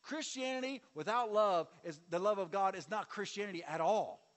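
A man preaching a sermon as pastor, calling on the congregation to repeat after him and swinging between loud and soft. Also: sits high, normal speed. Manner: preaching with audience call-and-response and sweeping shifts in volume. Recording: long reverb of a large hall.

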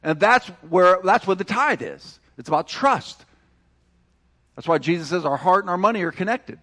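A man's voice: high-pitched, expressive, normal speed, a bit bright. A man pastor preaching an emphatic sermon, calling on the congregation to repeat phrases after him. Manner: emphatic, calls for congregation responses.

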